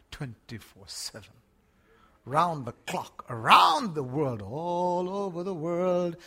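An older Australian man preaches a sermon in a slightly high voice, swinging between hushed words and shouting.

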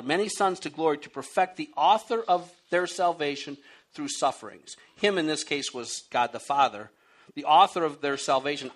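A man preaching a sermon, with a voice that swoops widely up and down. He tells of his own life with animated storytelling, acting out his pleas with rising intensity. He then reads scripture aloud and explains it verse by verse. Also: a little high. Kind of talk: sermon with personal testimony.

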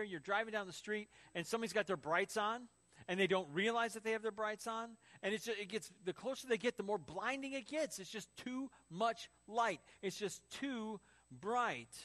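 A man's voice: high voice, sharp tone. A man preaching a sermon as pastor, telling stories and acting out quotes. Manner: storytelling with acted quotes and laughs.

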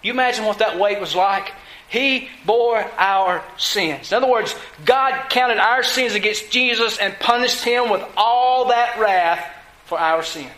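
A man's voice: sits high, unhurried, bright, forceful tone, roomy sound, low-quality recording. A man preaching a sermon, emphatic, asking his listeners questions and answering them himself. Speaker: pastor.

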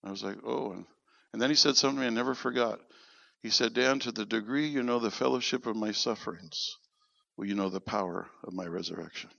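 Male preacher, gravelly and forceful, animated storytelling sermon, dry lo-fi recording. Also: lowish voice, a little fast, no echo. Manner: animated, acts out quoted dialogue. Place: church. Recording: dull lo-fi sound.

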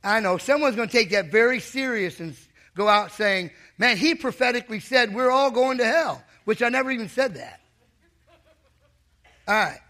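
Middle-aged male pastor, high bright voice, joking sermon storyteller. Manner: humorous, teasing the congregation.

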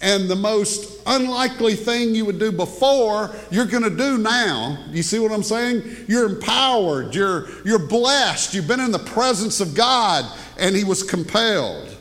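A male pastor delivering a sermon in a conversational style, dropping into hushed asides and rising for emphasis. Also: sits high, lively intonation, measured pace, few pauses. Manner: conversational preaching, swinging between hushed asides and raised emphasis. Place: church sanctuary. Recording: long hall reverb.

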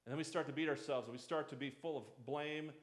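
A man's voice: fairly high pitch, fairly even intonation, fast talker, echoey room. A man preaching a conversational sermon as a pastor, slipping into the voices of doubters and critics.

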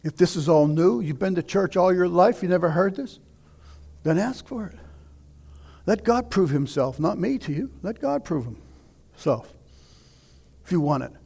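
A middle-aged male pastor preaching a sermon, telling stories and asking questions, dropping to near whispers and rising to shouts. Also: high-pitched, expressive, normal speed, creaky, pauses often, husky. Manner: dramatic, swings from hushed near-whispers to shouting; conversational storytelling with rhetorical questions.

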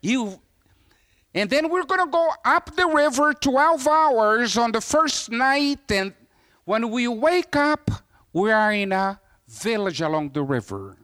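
A man's voice: extremely high pitch, slow. A man from Brazil preaching as a missionary, telling stories and acting out the voices of people in them. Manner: animated storyteller, acts out quoted voices. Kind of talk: sermon storytelling.

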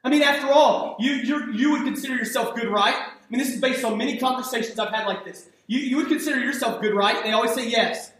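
Pastor guy preaching, really high voice, lots of echo, keeps repeating himself. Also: fast talker, few pauses, fairly bright tone. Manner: conversational preaching, emphatic with frequent repeats and restarts. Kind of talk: sermon. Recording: echoey hall, speaker far from the mic.

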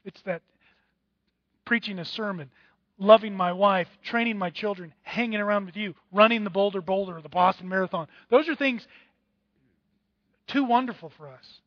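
A pastor preaches with a high, lifted voice, throwing himself into little acted-out voices of other people. The recording is dry and a bit dull, with no room sound. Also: male voice, moderate pace, pauses often, no echo. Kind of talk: sermon.

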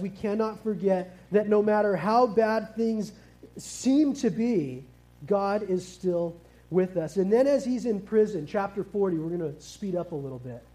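Male preacher, very high voice, mellow tone, casual and lively, asks the crowd questions. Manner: lively, engages the audience with questions; casual, youthful slang. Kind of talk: family sermon with kids present.

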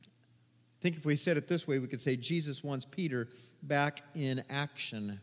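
A male pastor preaching a sermon, moving from loud, emphatic bursts to quiet, low asides. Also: normal speed, in a large hall. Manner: dynamic, swings between loud emphatic and quiet. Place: church sanctuary.

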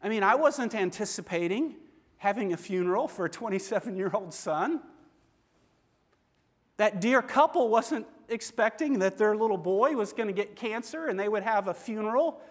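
A middle-aged male pastor delivers his sermon at a moderate pace in a high, light, animated voice. Earnest and conversational, he keeps turning to questions for the audience, and the sound rings out across a long, reverberant church hall.

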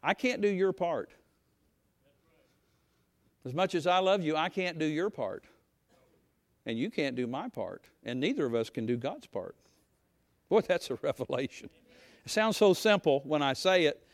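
A man's voice: fairly high pitch, expressive, normal speed, long pauses, dry recording. Folksy preaching man, dry close sound. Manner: folksy preaching, talks to the congregation, rising to shouts. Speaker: pastor. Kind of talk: sermon.

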